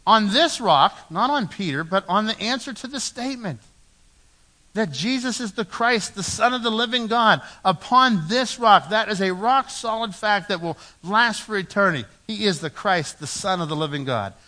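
A male pastor preaches in a church sanctuary, his voice set a little high and carrying a bright, forceful edge. He swings between loud emphatic passages and low, hushed lines. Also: lively intonation, normal speed. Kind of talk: sermon.

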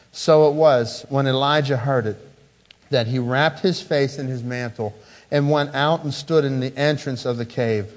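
A man preaching an earnest sermon, swinging between loud emphasis and hushed softness and often repeating words. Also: mid-range voice, steady tone, moderate pace. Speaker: pastor.

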